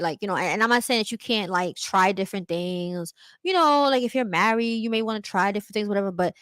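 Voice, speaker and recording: A woman's voice: medium pitch, no echo. A young woman talks straight into her phone or webcam on a livestream, candid and emphatic. She keeps dropping "like" and "you know" into her sentences. The sound is close and dry, with no room around her. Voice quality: frequent "like" and "you know" fillers. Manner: candid, emphatic, acts out quotes in other voices. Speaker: vlogger. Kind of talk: livestream monologue.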